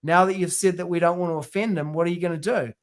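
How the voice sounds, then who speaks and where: A man's voice: high voice, steady tone, quick pace. A man co-hosting a podcast, chatting casually and telling stories with slang and mock quotes. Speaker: podcast co-host. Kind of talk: casual chat.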